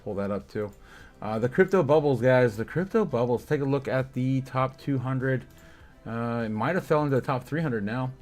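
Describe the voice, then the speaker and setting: A man hosts a casual livestream, working through news headlines and then chat messages. He rambles, fills gaps with "uh," and breaks into laughter often, in an ordinary mid-pitched voice. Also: lively intonation, moderate pace, a little mellow, soft background music. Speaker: host of a crypto livestream.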